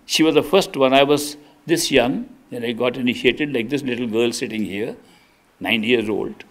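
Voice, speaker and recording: An older man from India, a spiritual teacher, delivers an earnest storytelling sermon, restarting his sentences for emphasis. His voice sits in the mid-range and he speaks at a moderate pace.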